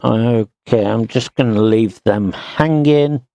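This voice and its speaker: Male streamer, very slow and gravelly, thinking aloud over gameplay, dry close sound. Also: medium pitch, warm tone, no echo. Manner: slow, muttering to himself while working. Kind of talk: casual gameplay commentary.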